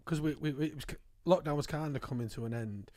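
Fast-talking podcast host man. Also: on the high side, dark tone, dry recording. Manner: quick, joking banter with the guest. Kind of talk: casual chat. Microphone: studio microphone.

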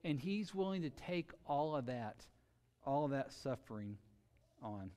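A man preaching a sermon earnestly, with sudden shifts between loud emphasis and quiet, drawn-out words. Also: mid-range voice, expressive, clear, resonant tone, long reverb tail. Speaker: pastor.

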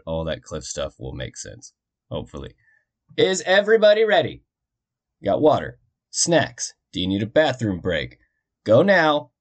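Laid-back male podcast host, lowish voice, jokey history narration with muttered asides. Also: darkish tone. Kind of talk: casual storytelling narration.

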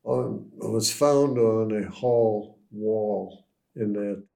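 A man with a low voice sharing researched local history in an easy, conversational way. He pauses and fills gaps as he works through the details. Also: creaky, mellow. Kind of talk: casual conversation.

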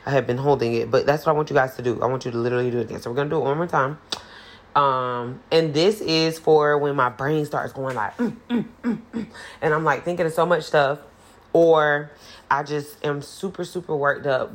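Woman podcast host, low voice, playful and profane, laughs a lot. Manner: chatty and playful, laughs often, swears casually. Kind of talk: casual solo podcast chat.

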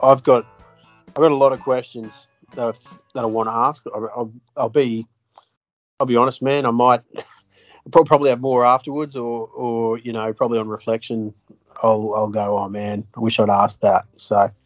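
A man co-hosting a podcast in casual chat, easygoing and quick with short agreeing replies. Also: medium pitch, little pitch movement, no echo, highs cut off, faint music behind. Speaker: podcast co-host.

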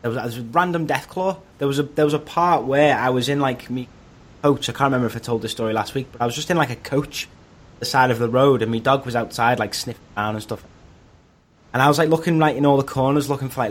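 A man's voice: mid-range voice, quick pace. Chatty man rambling about games. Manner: rambling, filler-heavy storytelling. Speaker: podcast co-host. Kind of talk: casual gaming chat.

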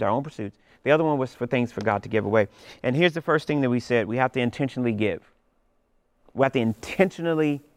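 A man preaching a sermon as pastor, retelling scripture in a lively storytelling way. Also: medium pitch, no room sound.

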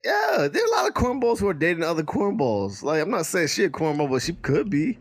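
A man's voice: fairly high pitch, wildly swooping pitch, brisk. A man co-hosting a casual chat, arguing his point in heavy slang with rambling restarts. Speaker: podcast co-host.

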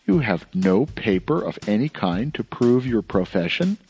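A man reading an audiobook, voicing a stern, suspicious middle-aged male magistrate who asks sharp, demanding questions. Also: on the low side, big pitch swings, unhurried, soft background music.

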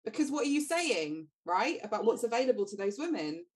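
Lively higher-voiced woman host. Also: brisk. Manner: emphatic, supportive, reasoned. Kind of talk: casual podcast conversation.

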